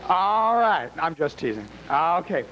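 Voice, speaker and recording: High-voiced, wisecracking male emcee. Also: big pitch swings, unhurried, fairly bright tone, a little hiss or hum, rough recording. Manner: teasing, wisecracking. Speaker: game show emcee. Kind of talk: campy live emceeing. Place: small bar with a live audience.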